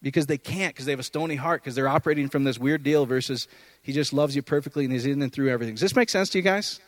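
A man with a mid-range voice preaches an informal, conversational sermon at a racing pace, captured in a dry recording. He's animated and keeps checking in with his listeners, often asking "does that make sense."

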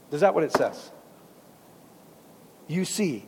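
A man preaching a sermon to a congregation, in a conversational, animated way with casual asides. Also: fairly high pitch, takes it slowly, pauses often, breathy edge, long reverb tail.

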